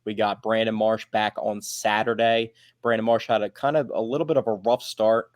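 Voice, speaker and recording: Low-voiced teasing podcast man. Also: steady tone, normal speed, no room sound, studio quality. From Philadelphia area. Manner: teasing, drives the topics. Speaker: podcast co-host. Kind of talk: casual sports chat.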